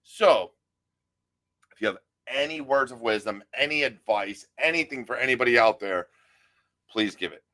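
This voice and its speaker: A man's voice: medium pitch, moderate pace, long pauses. Man, podcast host, casual chat, laid-back, swears, storytelling. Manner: laid-back, swears casually, tells stories with lively quoted voices. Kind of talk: casual conversation.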